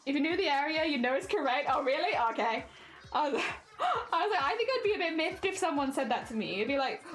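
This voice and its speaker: A woman with a standard British accent chats casually and rambles, laughing often and restarting her sentences. Her voice sits high and light. Soft music plays faintly behind her. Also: sing-song, brisk. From Hampshire, England. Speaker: streamer. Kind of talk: casual chat while embroidering on stream.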